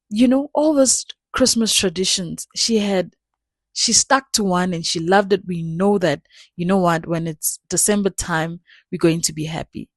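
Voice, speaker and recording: A woman's voice: mid-range voice, dry recording. A young adult woman hosting her channel, speaking in an earnest personal way and repeating words for emphasis. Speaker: channel host. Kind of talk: personal reflective talk.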